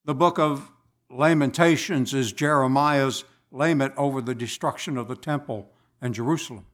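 A man preaching a sermon in a slow, deliberate way with measured pauses. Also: mid-range voice.

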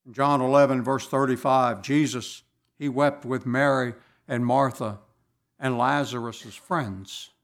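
A man delivering a sermon at an unhurried, drawn-out pace. He speaks deliberately, with measured pauses between phrases, at a middling pitch. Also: steady tone. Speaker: preacher.

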